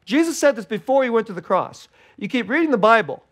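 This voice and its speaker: High-voiced man preaching conversationally. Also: big pitch swings, fast talker. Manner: conversational preaching, swinging between bright and hushed; laughs between phrases. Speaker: pastor. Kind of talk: sermon.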